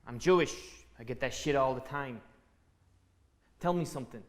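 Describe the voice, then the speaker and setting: A man's voice: mid-range voice, moderate pace, close to an everyday voice. An actor playing a chatty, brash cab driver who teases his passenger, in a stage play reading. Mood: teasing. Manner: brash, teasing. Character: wisecracking male New York cab driver, nosy and chatty. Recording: reverberant theatre recording.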